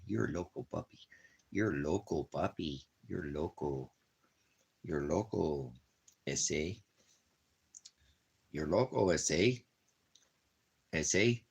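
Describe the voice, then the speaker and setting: He has a very low, husky voice and rambles repetitively, fussing over his dog in doting baby-talk before turning to religious preaching, all casually, like a home vlog from the desert. His intonation is lively, his delivery unhurried with long pauses.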